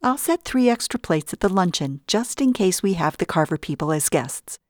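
A woman's voice: fairly low pitch, moderate pace, dry recording, clean studio sound, close to an everyday voice. Woman putting on a chatty gossipy librarian. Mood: bright. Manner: gossipy, giggly, lively.

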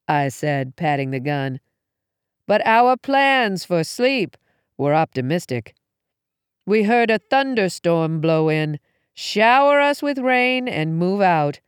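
A woman reads a first-person suspense story aloud with a lively, rising and falling delivery. Her tone stays hushed and tense. The recording is close and dry, with no room sound. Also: on the low side, takes it slowly, smooth, dry recording. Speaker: audiobook narrator.

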